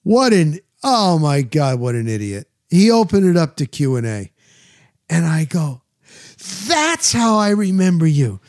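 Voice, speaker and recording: Animated male host telling a story. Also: a little high, a little slow, no room sound, clean studio sound. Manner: animated, acts out quoted voices. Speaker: radio show host. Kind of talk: casual storytelling monologue.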